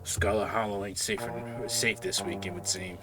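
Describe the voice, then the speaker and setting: Man plays a protective Southern US farmer: drawling, folksy, gruff. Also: fairly low pitch, steady tone, normal speed, over music, close to an everyday voice. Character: gruff middle-aged male farmer, protective.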